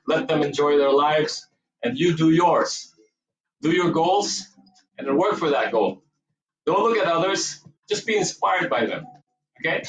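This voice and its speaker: Heard from far away in an echoey dance studio, this yoga and movement teacher has a fairly high voice and a Filipino Cebuano accent. He counts, cues breathing and cheers his students on, and the recording quality is low.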